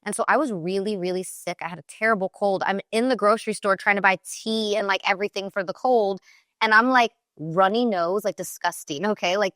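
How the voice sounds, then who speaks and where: A woman in her thirties talks with a chatty, animated energy, filling her stories with casual fillers and quick asides. Her voice sits at a middle pitch and sounds close and dry, with no room around it. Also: dry recording. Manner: chatty, animated storytelling with many "like" fillers and laughs. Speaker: guest, TV personality and recording artist. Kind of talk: casual interview chat.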